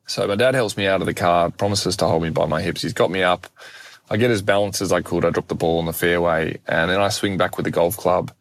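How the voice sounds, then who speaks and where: Deep-voiced man telling a story. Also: fast, vocal fry. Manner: animated, self-deprecating storyteller. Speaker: guest speaker. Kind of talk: personal storytelling in conversation.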